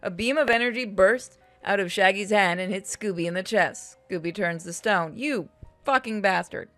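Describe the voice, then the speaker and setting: A woman narrates a game in a relaxed, mid-pitched voice and breaks off into joking, swearing asides. The recording is dry and close, with faint music behind her. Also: moderate pace, no room sound.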